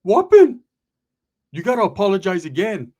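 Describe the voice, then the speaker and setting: A man voicing a hotheaded young male friend who yells threats in a high, strained voice. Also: sing-song, fast talker. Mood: angry yelling. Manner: yelling, threatening, high-pitched.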